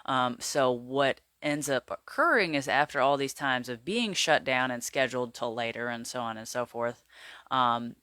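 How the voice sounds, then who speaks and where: A man's voice: medium pitch, normal speed, bright, forceful tone, clear, resonant tone, dry recording. A man vlogging casually to camera about wellness, rambling with lots of fillers and checking his notes. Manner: rambling, filler-heavy, chatty; glances at notes while talking.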